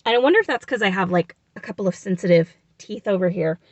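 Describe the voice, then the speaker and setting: A woman's voice: medium pitch, animated, fast, no echo. A young adult woman vlogger telling a personal story in a casual, rambling, self-reflective way with many fillers.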